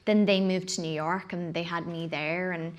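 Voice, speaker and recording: An Irish woman chats expressively in a casual interview, filling her sentences with little fillers and laughs. Her voice sits a touch low for a woman. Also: fairly even intonation, moderate pace, dull audio. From Ireland. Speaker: guest actor.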